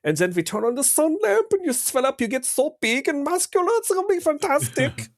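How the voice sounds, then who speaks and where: A man putting on the voice of a gloating, over-the-top German villain scientist, pitched high and swooping. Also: very animated, a little fast, dry recording, clean studio sound, heavily acted.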